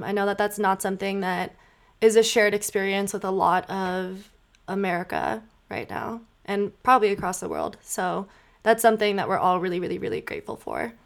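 A woman from Minnesota hosting a casual chat with friends, bubbly and laughing often. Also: mid-range voice. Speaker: host.

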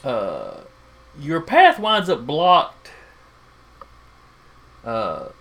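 A man's voice: a little high, wildly swooping pitch, extremely slow, fairly bright tone. A man running a tabletop role-playing game as game master, narrating hesitantly with many fillers.

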